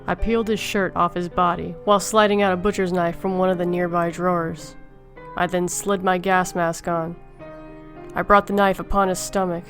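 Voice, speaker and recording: Low, calm woman reading a horror story. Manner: calm, tired deadpan. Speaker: story narrator.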